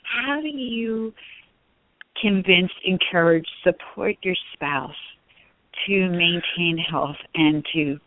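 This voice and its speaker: A woman's voice: lowish voice, slow pace, no echo. Woman host asking questions over a phone line. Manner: rambling, enthusiastic questions. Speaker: podcast host. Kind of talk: interview questions. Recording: phone-like dry remote line.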